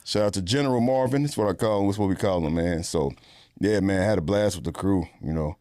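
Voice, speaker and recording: A man, an actor, chatting casually in an interview, relaxed and slangy with lots of fillers. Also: sits low, quick pace, dry recording, studio quality. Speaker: actor guest.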